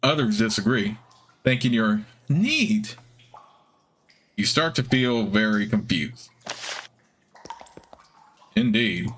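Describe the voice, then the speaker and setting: A man hosting a let's play, reading game text aloud in a steady narration with casual asides. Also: medium pitch.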